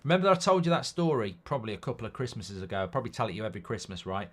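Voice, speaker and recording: A man hosting a football watchalong stream. He chats casually, reads viewer comments aloud and rambles through stories in a blunt way, swinging between loud outbursts and low mutters. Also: rapid-fire. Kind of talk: live-stream casual chat.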